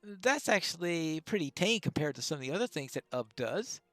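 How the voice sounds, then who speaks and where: A woman's voice: on the low side, sing-song, fairly bright tone, no room sound, faint music behind. A woman hosting a game playthrough with chatty, wry commentary. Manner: chatty, wry asides, drawn-out musing. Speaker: let's-play host. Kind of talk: casual gameplay commentary.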